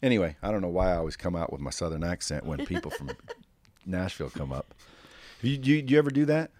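A brash male podcast host with a very low voice, recorded close and dry in the studio. He jokes and swears freely as he banters with his guests, loose and confident. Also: big pitch swings, fairly quick, darkish tone, no room sound. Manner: brash, profane, jokey. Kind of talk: casual interview banter. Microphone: studio microphone.

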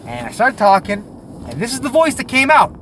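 A man in his thirties hosting a podcast, ranting angrily and profanely, dropping to a mutter then yelling, from inside a parked car. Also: very high voice, wildly swooping pitch, brisk, a little hiss or hum. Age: 30s. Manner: angry, foul-mouthed, swings between mutter and yelling. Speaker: podcast host. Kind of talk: profane comic rant. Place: in a car in a parking lot.

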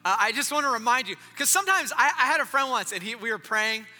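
A man with a very high, piercingly bright voice delivers a sermon that rings through a large hall with a long reverb tail. He talks casually, cracks jokes and drops into hushed, intimate asides between louder stretches of storytelling. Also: expressive, fast talker. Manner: swings from loud storytelling to quiet, intimate asides; casual, joking delivery with slang and restarts. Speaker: pastor.

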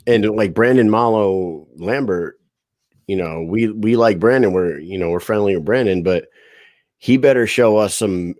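Low-voiced laid-back man, dry sound. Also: normal speed, a little mellow, dry recording. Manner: laid-back, laughing, stammering restarts. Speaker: podcast co-host. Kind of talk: casual chat.

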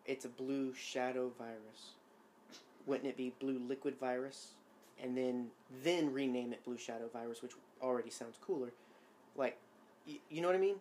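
A man's voice: medium pitch, fairly even intonation, normal speed, a little mellow, slight background noise. A man co-hosting a casual podcast chat, rambling and self-amused, with many fillers and restarts. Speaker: podcast co-host.

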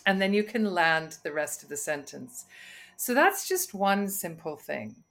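A woman, a communication coach guesting on a podcast, speaking in a measured, instructive way with deliberate breaths and pauses. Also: on the low side, big pitch swings, fairly bright tone.

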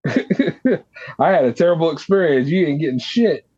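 A man's voice: on the high side, expressive, measured pace, darkish tone, breathy edge. A man chatting casually on a comedy podcast in a laid-back, slangy way. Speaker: podcast co-host. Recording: dull lo-fi sound.

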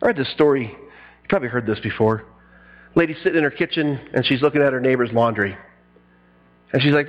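A middle-aged man preaching a sermon in an animated style, acting out quotes and breaking into sudden loud bursts. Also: medium pitch, quick pace, dull audio. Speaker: pastor.

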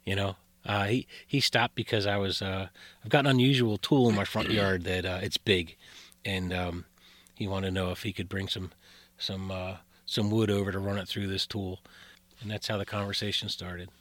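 A man with a lowish voice tells eerie tales in an unhurried, rambling way, stopping and restarting his sentences often. The sound is dry and close, with no room echo. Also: fairly even intonation, a bit bright. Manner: rambling, full of fillers and restarts. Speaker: guest storyteller. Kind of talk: casual spoken storytelling.

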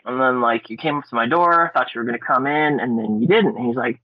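A man from Alaska, a podcast guest, telling ghost stories in a casual way, with lots of fillers and animated quotes. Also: a little fast, no room sound. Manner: animated, acts out quotes with loud high-pitched voices; laid-back, frequent fillers and swearing. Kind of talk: casual storytelling. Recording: dull lo-fi podcast audio.

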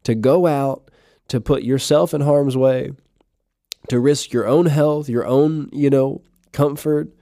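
A man giving a short devotional podcast talk, halting with fillers and restarts, reading scripture aloud. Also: mid-range voice, steady tone, mellow, no room sound, studio quality. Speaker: podcast preacher.

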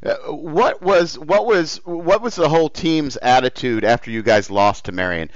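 A man interviewing a guest, asking long questions with many halting restarts. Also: fairly high pitch, no room sound, muffled recording. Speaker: interviewer, host.

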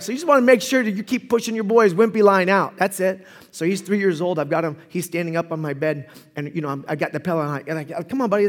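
Male preacher, high voice, animated storyteller swinging loud to hushed; reverberant hall sound. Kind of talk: sermon.

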